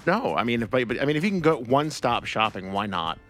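A man hosting a casual radio chat show, telling animated stories, in a studio with faint music. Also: medium pitch, fast talker. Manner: animated, tells stories with laughs. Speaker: radio host.

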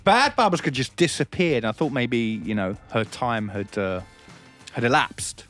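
A man's voice: medium pitch, measured pace, soft background music. A man hosting a casual comedic radio chat, telling stories with lots of laughter and acting out the grumpy people he describes. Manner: animated storyteller, laughs a lot, acts out grumpy locals. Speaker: radio show host.

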